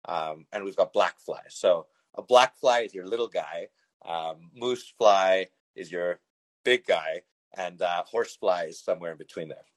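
A man's voice: sits low, a little slow, poor audio. A middle-aged man from Canada telling a personal story as a podcast host, rambling with many fillers and chuckling as he goes. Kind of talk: casual storytelling.

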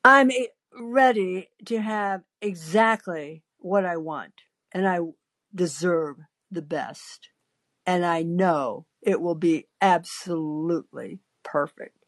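A woman's voice: lowish voice, slow, fairly bright tone, no room sound. A woman voicing a fussy, health-obsessed 23-year-old woman, earnest and dramatic, quoted in a story. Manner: earnest and dramatic, shrieks when upset.

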